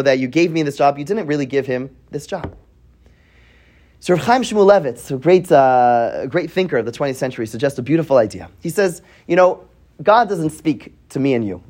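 A man's voice: fairly high pitch, a little mellow. A man teaching a weekly Torah portion class, asking his students questions and thinking aloud with frequent restarts.

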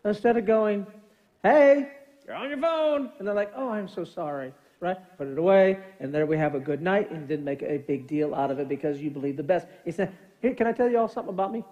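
A man's voice: a little high, animated, quick pace, dark tone. A man in his fifties, a pastor giving a conversational, jokey sermon in a church, acting out little scenes with funny voices. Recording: muffled lo-fi sound.

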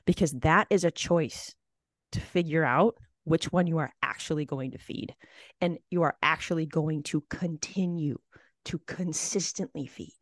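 Host, mid pitch, animated explainer who builds analogies, recorded dry. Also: dry recording. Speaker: podcast host. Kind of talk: casual conversation.

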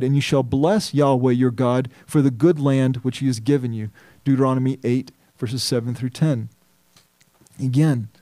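A man preaching a sermon as pastor, reading scripture in a measured, earnest and emphatic way. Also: mid-range voice, dark tone, no room sound.

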